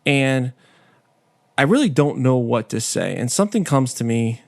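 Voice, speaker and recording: With a mid-range, darkish voice marked by vocal fry, the host sounds animated while keeping a normal speed. The clean studio recording has no echo, and he tells a personal story openly and conversationally, making fun of himself.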